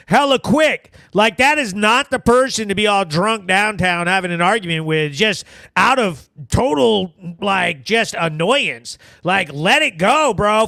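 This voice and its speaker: A man with a very high, bright, sharp voice hosting a local news recap. He talks in loose, swearing commentary and calls the viewer bro. The sound is dry and close, with no room echo. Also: vocal fry. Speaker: news show host. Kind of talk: casual profane recap commentary.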